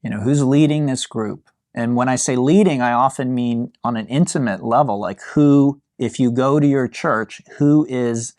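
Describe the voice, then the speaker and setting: A man teaching a yin yoga class, talking to his students in a relaxed, musing way with light amusement. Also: medium pitch, moderate pace, few pauses, dry recording, clean studio sound.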